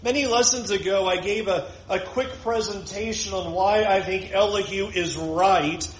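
A man teaching a verse-by-verse Bible lesson in an expressive way, with frequent chuckles and dramatic pauses. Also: high voice, a little hiss or hum. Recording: echoey room.

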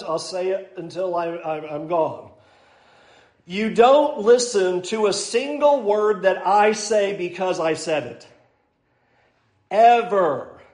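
A man's voice: very high voice, darkish tone. A man preaching a sermon in an emphatic way, hammering home his points with repetition and dry sarcasm. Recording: roomy echo.

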